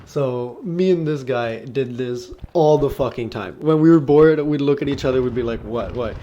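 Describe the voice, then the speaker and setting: A young man tells a story from his job in a loose, casual vlog style, swearing a lot and laughing at his own jokes. His voice sits at an ordinary pitch for a man. A faint hiss of noise runs under the recording. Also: moderate pace, mellow, dull audio. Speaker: vlogger.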